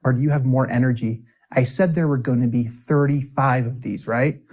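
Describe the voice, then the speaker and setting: An upbeat man teaches a spoken English lesson in a voice of ordinary pitch. He coaxes his learners along and says each example phrase slowly and clearly so they can repeat it back. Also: fairly even intonation, darkish tone.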